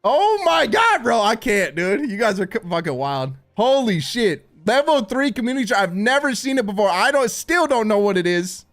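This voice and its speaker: A man live-streaming while gaming, excitable and swearing a lot, stammering through restarts and calling everyone dude and bro. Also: high voice, moderate pace, few pauses. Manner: stammering restarts when overwhelmed.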